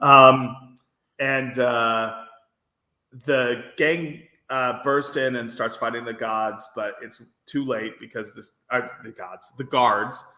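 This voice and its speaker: A man's voice: medium pitch, steady tone, slow pace, sharp tone, roomy sound. A man with a faint Brooklyn accent, co-hosting a podcast and recapping an episode in a rambling, filler-heavy casual chat. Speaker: podcast co-host.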